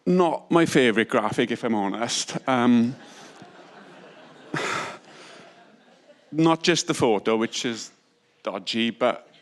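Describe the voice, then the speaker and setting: Humble, hurried man speaking at a conference. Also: medium pitch, lively intonation. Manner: humble, self-deprecating and a bit hurried. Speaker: estate agent giving a talk. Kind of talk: conference talk. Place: conference stage.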